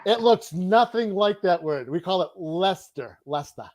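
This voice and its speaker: A man with a Boston accent and a high-pitched voice hosts a live online chat over a video call. He is upbeat and repeats his key words as he quizzes his guest. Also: animated, moderate pace, darkish tone. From Boston, USA. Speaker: host.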